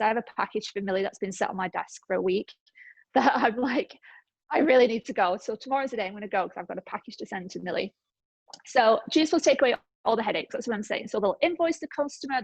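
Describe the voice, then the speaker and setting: A woman's voice: mid-range voice, no room sound, low-quality recording. A woman in her thirties presents on a group call, telling her story in an upbeat, chatty way full of fillers. She sounds slightly out of breath. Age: 30s. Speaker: network marketing presenter. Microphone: call microphone.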